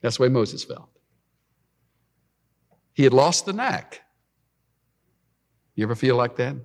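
A man preaching a sermon, telling the story in an animated way and acting out scripture. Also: mid-range voice, slow pace.

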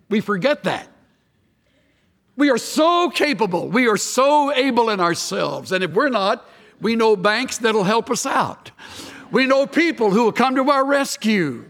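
A man's voice: high-pitched, lively intonation, normal speed, fairly bright tone, in a large hall. A man pastor preaching a sermon, emphatic and full of rhetorical questions and wry asides.

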